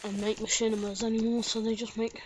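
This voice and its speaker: A woman's voice: fairly high pitch, little pitch movement, quick pace, very noisy. A woman with sinusitis, casually commentating on a game at home through a desk mic instead of a headset, chatty and rambling. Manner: chatty and rambling, bursts into panicked shouts. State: congested with sinusitis. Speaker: gaming channel host. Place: home room with slight echo.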